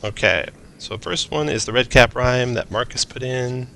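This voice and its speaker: A man's voice: medium pitch, moderate pace, vocal fry, few pauses, bright, forceful tone, a little hiss or hum. A man narrating as game master of a tabletop role-playing game, mixing descriptive narration with casual asides.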